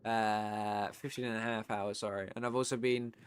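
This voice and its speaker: A tired British man chatting casually on a live stream, swearing freely and getting loud and worked up when he rants. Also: on the low side, level tone, moderate pace, clean tone. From Britain.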